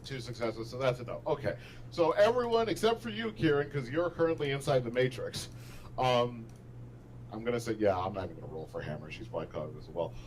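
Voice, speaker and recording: A man's voice: mid-range voice, expressive, brisk, slight background noise, poor audio. A man running a tabletop game as game master, explaining rules and narrating scenes, often laughing at his own descriptions.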